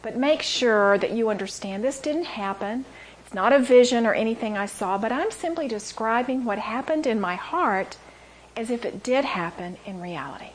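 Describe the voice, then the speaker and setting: A woman teaching a sermon, telling stories with animated delivery and dropping into near-whispers for emphasis. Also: a little high, moderate pace, a little hiss or hum. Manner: animated storytelling, acting out quotes, dropping to a whisper. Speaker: Bible teacher. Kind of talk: sermon to a women's audience.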